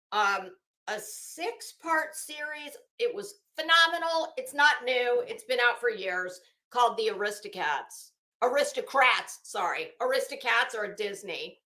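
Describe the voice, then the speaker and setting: A woman's voice: fairly high pitch, pushed and bright. A middle-aged woman hosting a casual livestream from her home office, rambling and greeting viewers by name. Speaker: commentary livestream host. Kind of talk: casual livestream chat reading viewer comments.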